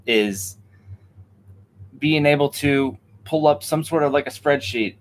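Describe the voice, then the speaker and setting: A man's voice: fairly high pitch, slow pace, rough recording. A man in casual podcast chat, talking animatedly and acting out little exchanges as he explains. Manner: animated, acts out quoted exchanges.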